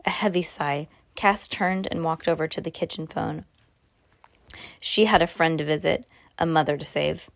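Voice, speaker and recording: A woman's voice: deep voice, moderate pace, vocal fry, dry recording. A woman reading a novel aloud, stumbling now and then and restarting her sentences. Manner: unpolished reading with frequent slips and restarts. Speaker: reader.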